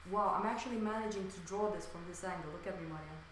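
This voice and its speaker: A woman chats while she paints, excitable and tripping over her words. Her voice rings around a very echoey room. A faint hiss sits under it. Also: on the low side, fast. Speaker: streamer painting on stream. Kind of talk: casual chat while painting.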